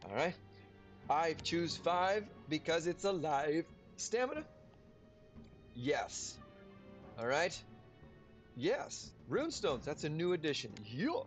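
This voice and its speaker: A man streams a game and chats with his viewers in a tired, yawning way. His voice sits a bit high for a man. Faint game music runs quietly behind him. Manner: chatty, talks to viewers while playing. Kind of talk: casual livestream gameplay commentary.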